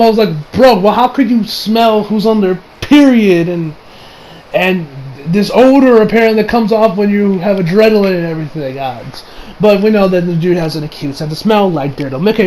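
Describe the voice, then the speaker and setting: A man's voice: high-pitched, darkish tone, a little hiss or hum, low-quality recording. A man recapping an anime episode in a casual, rambling way, swearing and correcting himself as he goes. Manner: rambling, profane, self-correcting. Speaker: anime reviewer.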